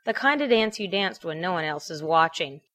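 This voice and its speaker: A woman's voice: lowish voice, lively intonation, moderate pace, fairly bright tone. Woman reading a fan fiction story.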